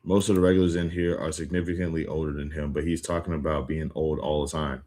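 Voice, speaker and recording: A young man chatting casually with viewers on a livestream, rambling with lots of filler words and quick restarts. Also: extremely low pitch, animated, darkish tone. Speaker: livestream host. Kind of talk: casual live-stream chat with viewers.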